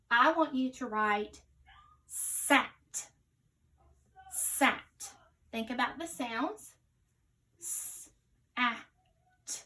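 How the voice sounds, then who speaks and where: A high, bright-voiced woman leads a children's phonics lesson, sounding out each word letter by letter at an unhurried pace. She stays patient and cheerful, calling her viewers friends, and her voice sits a little away from the mic. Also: distant mic, poor audio. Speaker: teacher. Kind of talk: early-reader phonics lesson.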